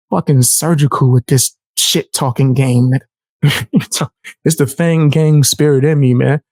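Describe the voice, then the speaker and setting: A young male streamer in casual commentary, brash and profane, his voice leaping high whenever he mocks someone. His tone has a gravelly edge, and the sound is dry, close, and without room echo. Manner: brash, profane trash talk with frequent laughs; animated, jumping sharply high when mocking.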